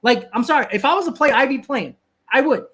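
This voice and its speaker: A man's voice: extremely high pitch, animated, fairly quick, bright, forceful tone. A man hosting a live stream, ranting casually, often repeating and restarting words and answering viewers in the chat.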